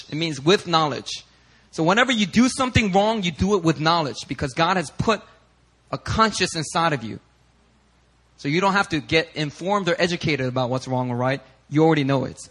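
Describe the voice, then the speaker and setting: Male pastor, bright and a little high, lively sermon delivery that mimics the people he quotes. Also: slightly rough, rough recording. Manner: animated, acts out quoted people in raised voices.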